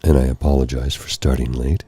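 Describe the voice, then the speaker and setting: Tired, hoarse male ASMR host; extremely deep, dark, gravelly voice; soft, rambling, apologetic delivery. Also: flat delivery, fairly quick, dry recording. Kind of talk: soft-spoken ASMR live stream. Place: candlelit room at home. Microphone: close mic for ear-to-ear speaking.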